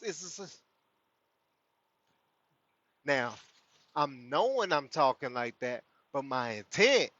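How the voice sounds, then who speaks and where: A man's voice: a little high, bright, forceful tone, dry recording. A man hosting a spiritual livestream, talking loosely to his viewers and laughing often. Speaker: host of a spiritual community livestream. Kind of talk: casual spiritual talk to viewers. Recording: dull lo-fi sound.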